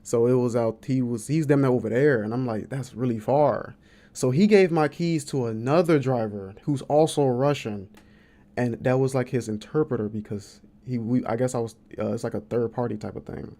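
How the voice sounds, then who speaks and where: A man's voice: mid-range voice, normal speed, dark tone. A young man from the American Midwest hosting a podcast, telling a story in casual chat and acting out quotes with big jumps in his voice. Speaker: podcast host.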